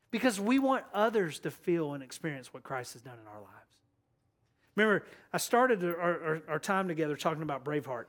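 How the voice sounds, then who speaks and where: A man's voice: on the high side, expressive, brisk. Passionate young male pastor preaching. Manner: passionate preaching, drops to a hushed voice for the story and prayer. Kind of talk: sermon.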